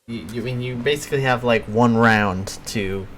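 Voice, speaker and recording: A man running a tabletop game as game master, relaxed and halting, with plenty of fillers. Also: mid-range voice, slight background noise.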